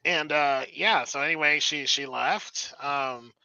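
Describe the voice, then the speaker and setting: Guy rambling thru a story, super bright sharp voice, dull lo-fi stream sound. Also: fairly high pitch, slow pace, clear, resonant tone, no room sound. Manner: rambling, laughs often, swears. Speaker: guest musician. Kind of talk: casual podcast storytelling.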